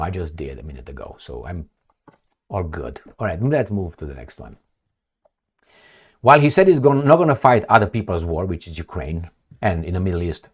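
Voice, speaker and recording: A man giving solo commentary on news stories, reading headlines aloud and answering them in a blunt, sarcastic way. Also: mid-range voice. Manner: blunt, sarcastic, reads headlines then rants. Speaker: political commentator.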